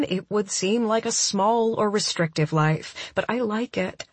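A young woman narrating a first-person romance audiobook in an expressive, intimate inner-monologue style. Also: medium pitch, breathy edge, no echo.

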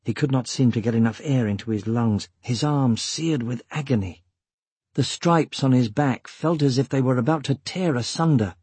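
A man narrating an audiobook with measured, steady storytelling. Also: medium pitch, breathy edge, no room sound. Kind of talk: scripted narration.

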